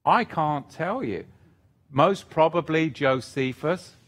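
A man's voice: on the high side, slow, a bit bright. A man teaching scripture on a live stream, reading out viewer questions and thinking aloud as he answers, rambling with restarts and getting emphatic on scripture.

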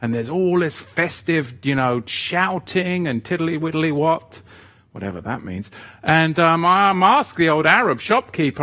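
A man's voice: fairly high pitch, expressive, unhurried, sharp tone. A man giving an earnest sermon-style teaching. He repeats key phrases and tells stories along the way. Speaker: Bible teacher.

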